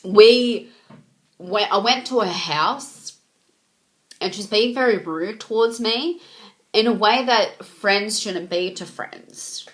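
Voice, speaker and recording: A woman's voice: mid-range voice, slow pace. Rambling young woman vlogger. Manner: rambling, many ums and reported speech. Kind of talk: casual storytime vlog.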